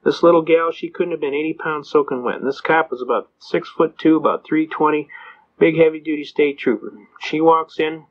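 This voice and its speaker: A man's voice: fairly high pitch, steady tone, brisk. Older man telling folksy courtroom stories. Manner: folksy storytelling, acts out the judge, cop and defendant; chuckles while telling stories. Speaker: constitutional attorney speaker. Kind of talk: anecdotal lecture with acted quotes. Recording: dull lo-fi recording.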